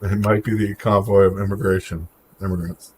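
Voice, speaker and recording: A man's voice: deep voice, flat delivery, normal speed, darkish tone, a little hiss or hum. Opinionated man chatting on a livestream. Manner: opinionated, talks back to chat by name. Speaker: livestream host. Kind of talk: casual livestream chat reacting to viewer comments.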